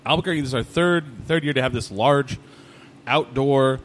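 A man's voice: medium pitch, moderate pace, slight background noise. A man co-hosting a casual chat, telling stories and acting out what people said, recorded in a distillery. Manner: animated storyteller, acts out quotes. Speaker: podcast co-host.

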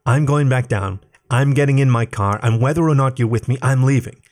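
A man's voice: medium pitch, a little fast, darkish tone, natural voice. A man voicing an anxious, sarcastic young male cat fresh out of college, reading it as a storybook. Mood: angry. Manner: exasperated and sarcastic.

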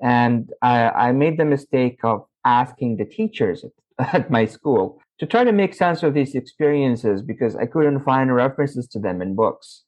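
A middle-aged man from Saudi Arabia, a podcast guest telling stories from his youth in an animated way. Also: medium pitch, moderate pace, hardly any pauses. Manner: animated, acts out his own past dialogue. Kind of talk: interview storytelling. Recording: slightly muffled audio.

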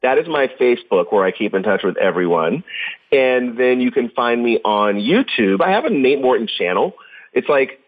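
A man's voice: mid-range voice, normal speed, phone-quality sound. A man chatting as a guest on a podcast, telling stories with lots of laughter. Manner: animated storyteller, laughs often. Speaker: podcast guest, professional drummer. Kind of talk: casual interview chat.

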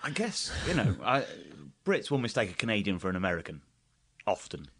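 An English man with a lowish voice tells stories in a relaxed, chatty way, often breaking into laughter. The sound is close and dry, with no room echo. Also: fairly quick, slightly rough. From England. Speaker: guest comedian. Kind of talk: casual chat.

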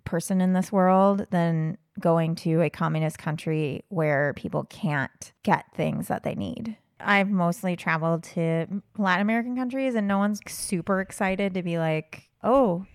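A woman's voice: lowish voice, normal speed, hardly any pauses, clear, resonant tone, no room sound, studio quality. A young woman co-hosting a casual podcast, telling travel stories in a chatty way and laughing often. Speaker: podcast co-host.

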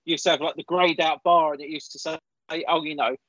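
A man's voice: on the high side, steady tone, brisk, a bit bright, dry recording. A man co-hosting a casual podcast, talking in an indignant, ranting way. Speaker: podcast co-host. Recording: dull lo-fi dry audio.

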